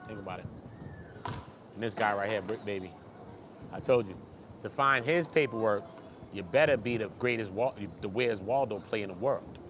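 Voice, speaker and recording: A man hosting an online gossip commentary show, talking fast and slangy, swinging from low mutters to loud excited bursts. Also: a little hiss or hum. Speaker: YouTube commentary host. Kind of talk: animated street-gossip commentary.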